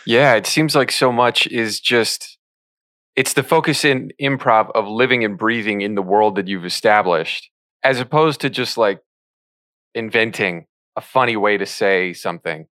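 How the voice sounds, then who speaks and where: Low, thoughtful male host. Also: normal speed, fairly bright tone, no room sound. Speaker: podcast host. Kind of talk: reflective conversation.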